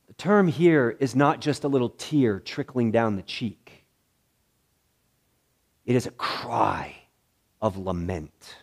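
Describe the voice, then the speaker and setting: A male pastor preaching a sermon, swinging between loud excitement and hushed, somber tones, with deliberate repeated phrases. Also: medium pitch.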